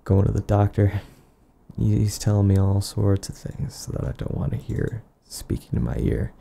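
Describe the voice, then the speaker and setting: A man delivering an improvised, absurd comedy monologue in a rambling, deadpan way, often trailing off and restarting. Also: lowish voice, normal speed, creaky, a little hiss or hum.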